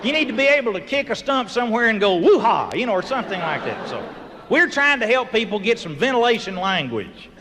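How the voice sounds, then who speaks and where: High bright comedian in a hall. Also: male voice, fast talker. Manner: folksy, animated, with sudden loud voiced sound effects. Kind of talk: stand-up storytelling. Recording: live show recording from a hall with audience ambience.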